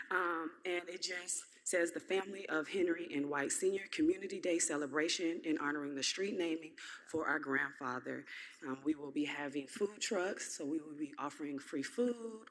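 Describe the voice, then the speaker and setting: A woman speaking at a public comment podium, earnest and heartfelt, with frequent "um"s. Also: deep voice.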